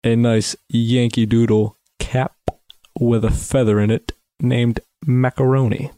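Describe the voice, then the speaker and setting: A man in a tabletop game, speaking in a dry, mock-formal, deadpan way. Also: medium pitch, unhurried, no echo. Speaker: player. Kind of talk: casual tabletop play.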